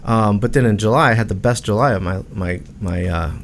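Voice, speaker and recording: A man's voice: lowish voice, a little fast, slight background noise. A man in his forties from Arizona, a realtor guest on a podcast, talking in an earnest, heartfelt way with many restarts. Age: 40s. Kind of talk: casual interview talk.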